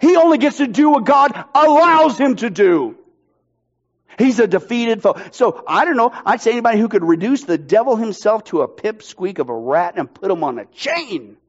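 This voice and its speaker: A pastor preaching a sermon with emphatic, energetic delivery and playful jokes. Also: male voice, extremely high pitch. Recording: dull lo-fi sound.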